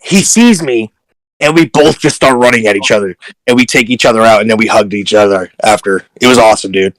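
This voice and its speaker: A man on a podcast panel telling stories in casual chat, animated and slangy. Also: fairly low pitch, fairly quick, no echo, poor audio.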